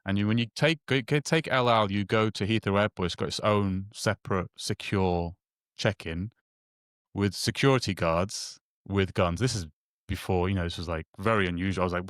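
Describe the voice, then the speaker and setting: Man, lowish voice, casual storyteller, lots of false starts, dry close mic. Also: a bit bright, no room sound. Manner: halting, many restarts and repeated words, acts out quoted dialogue. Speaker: guest telling a personal story.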